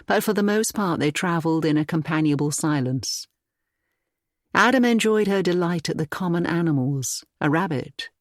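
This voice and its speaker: Romance audiobook narrator, even and steady, mid-range voice, dry close recording. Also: medium pitch, dry recording.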